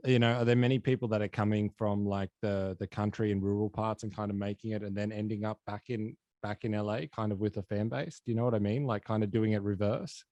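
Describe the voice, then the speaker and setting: Aussie guy hosting a podcast, lowish voice, dry sound, rambles with lots of likes. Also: steady tone, quick pace, few pauses, dark tone, no room sound. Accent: Australian. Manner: rambling, many fillers. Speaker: podcast host. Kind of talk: casual interview chat.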